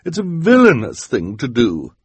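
A man's voice: mid-range voice, huge pitch swings, normal speed, husky, dry recording, pitched above the performer's own voice. A man voicing a haughty, sneering villainous woman with a mocking, nasty tone.

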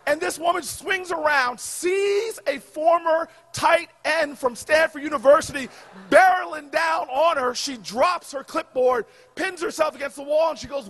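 Loud, animated male stand-up comic with a very high voice. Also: moderate pace. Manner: loud, animated, often shouting. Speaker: comedian. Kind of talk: stand-up comedy storytelling.

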